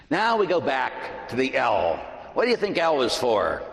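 A middle-aged man, a pastor, preaching a sermon in a large church, animated and shifting between loud emphasis and hushed asides. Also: medium pitch, normal speed. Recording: reverberant church.

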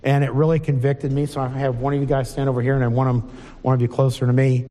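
Plainspoken preacher in a reverberant hall. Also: male voice, mid-range voice, flat delivery, fast talker, dark tone. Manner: conversational, plainspoken, asks the congregation questions. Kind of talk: informal sermon with Bible reading. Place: church hall before a congregation.

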